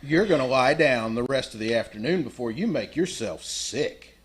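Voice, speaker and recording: A man playing a mild, patient father in a live old-time radio drama, soothing and gently dismissive. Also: mid-range voice, expressive, normal speed, natural voice. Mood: firm.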